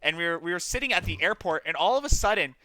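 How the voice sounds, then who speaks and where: A man's voice: high voice, fast talker, no room sound, clean studio sound. A young man from New Jersey, streaming a game and chatting casually, telling stories with lots of swearing. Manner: swears freely, animated storytelling. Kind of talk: casual chat while gaming.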